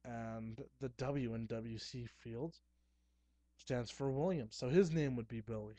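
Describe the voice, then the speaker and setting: A young man talking casually to camera at home, chatty and excitable, with playful asides. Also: mid-range voice, a little slow, no echo. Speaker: horror movie vlogger. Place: dim room at home.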